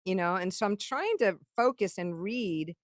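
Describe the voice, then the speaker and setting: Animated, foul-mouthed woman telling stories. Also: mid-range voice, normal speed, no echo, studio quality. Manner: animated, swears freely, acts out other people's lines. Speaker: songwriter and producer, keynote guest. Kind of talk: casual conversational storytelling.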